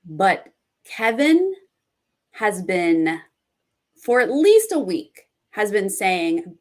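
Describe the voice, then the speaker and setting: A young woman speaks slowly at a medium pitch while hosting a relaxed reality TV recap. She gets excited as she reads viewers' comments aloud.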